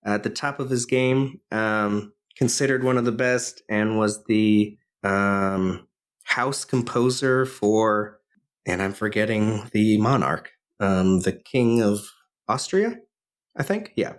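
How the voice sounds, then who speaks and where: A man's voice: fairly low pitch, slow. A man co-hosting a podcast, casually retelling a film's plot with lots of fillers and restarts. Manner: rambling, many fillers and restarts. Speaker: podcast co-host.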